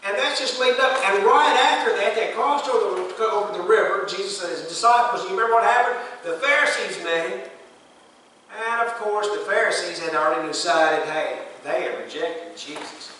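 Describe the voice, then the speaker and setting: A high, bright-voiced man preaches a folksy, animated sermon. His voice rings through an echoey church room, picked up from some distance with faint noise behind. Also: a little fast. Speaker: pastor. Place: church sanctuary.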